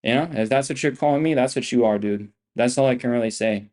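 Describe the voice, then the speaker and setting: A man's voice: mid-range voice, quick pace, darkish tone. A young man streaming his trades live, boasting and swearing freely and repeating himself. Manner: boastful, profane, repetitive swagger. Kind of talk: live-stream trading commentary.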